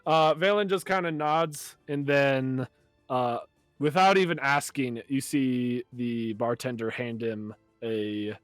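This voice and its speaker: A man narrating a tabletop game as game master, relaxed and hesitant, with fillers. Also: medium pitch, slow, smooth, no room sound, faint music behind.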